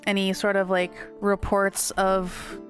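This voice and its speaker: A woman's voice: mid-range voice, monotone, slow pace, faint music behind. A woman playing a tabletop game, describing what her character does in a thoughtful way, with fillers and trailing phrases. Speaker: player. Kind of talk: casual tabletop game chat.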